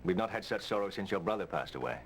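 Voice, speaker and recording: A man's voice: expressive, fast talker, a little hiss or hum. An actor playing a grave, grieving nobleman in a 1990s game, speaking solemnly with a put-on British accent. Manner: solemn, low, heavy. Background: loud game music.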